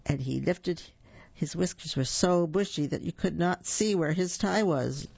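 A storyteller reads a children's story aloud with a gravelly, creaky voice, adding little asides for young listeners. The recording is dull and lo-fi, in a dry room with no echo. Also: mid-range voice, unhurried, a little mellow.

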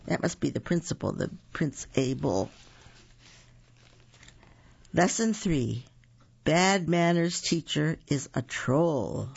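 Playful read-aloud narrator, gravelly, husky, lo-fi. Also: medium pitch. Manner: slow, animated and playful, self-correcting. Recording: dull lo-fi recording.

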